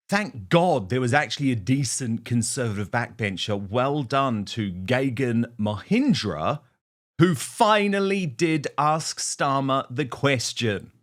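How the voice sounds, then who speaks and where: Scornful male political host. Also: mid-range voice. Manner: scornful, mocking, punchy. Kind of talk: opinionated political commentary.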